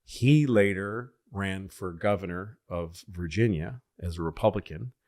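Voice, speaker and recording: A man with a fairly low voice tells a rambling political story on a casual podcast. He acts out the people he quotes, his voice leaping high and loud in their lines before settling back down. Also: a little slow. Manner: animated storyteller acting out quotes in excited higher voices. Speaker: podcast host.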